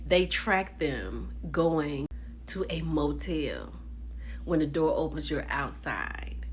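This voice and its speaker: A woman vlogger recapping a reality show in a casual gossip style, animated, calling viewers "baby" and "child". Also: low-pitched, takes it slowly, a little hiss or hum. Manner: animated storyteller, calls viewers "baby" and "child", laughs often.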